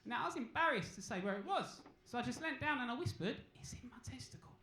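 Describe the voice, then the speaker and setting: Young man, stand-up comic, cheeky and crude, bright high voice, echoey club. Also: quick pace. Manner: cheeky, crude, deadpan storytelling. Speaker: stand-up comedian. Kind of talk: stand-up comedy set. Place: comedy club stage. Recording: echoey club room, faint noise.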